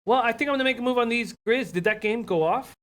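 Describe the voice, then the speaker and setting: A man with a high-pitched voice co-hosts a casual betting chat. He talks through his hockey and basketball bets in an easy, conversational way. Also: fast talker, fairly bright tone. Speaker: sports betting show co-host.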